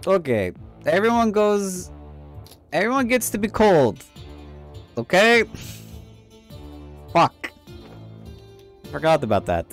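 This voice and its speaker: A man's voice: sits high, very animated, slow, pauses often, soft background music. A man commentating a video game, goofing around in a mock broken-English border inspector voice and swearing casually. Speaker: let's play gamer.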